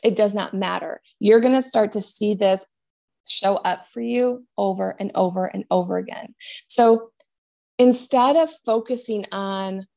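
Gravelly-voiced woman giving a medium reading. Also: mid-range voice, unhurried. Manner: gentle, reassuring, often trailing off and restarting. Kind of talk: spiritual reading, conversational.

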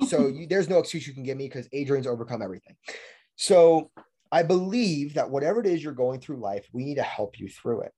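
With a brisk, medium-pitched voice, this twenty-something man hosts a casual podcast as a fitness coach. He's an energetic storyteller who laughs often and fills his speech with "like."

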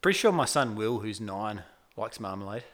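A man co-hosting a podcast, playful and quick to laugh. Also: lowish voice, animated, fairly bright tone. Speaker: podcast co-host. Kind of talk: casual chat.

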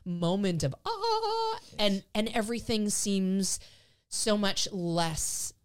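A woman's voice: mid-range voice, steady tone, takes it slowly, clear, resonant tone. A woman hosting a casual dog training podcast, talking with enthusiasm, often restarting her sentences, her voice quivering with emotion. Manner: enthusiastic, emotional, repeats words when starting sentences. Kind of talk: casual chat.

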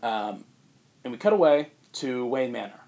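A man on a podcast telling a story in casual chat, rambling with fillers and putting on quick voices for the characters. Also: mid-range voice, animated, a little mellow. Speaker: podcast co-host pitching a movie.

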